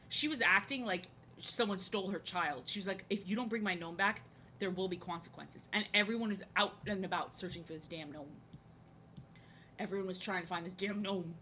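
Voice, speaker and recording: A woman's voice: lowish voice, sharp tone, slight background noise. A young woman from New Jersey chatting casually while she draws on a live stream, rambling with lots of fillers and restarts, frank and a bit crude. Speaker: streamer and artist.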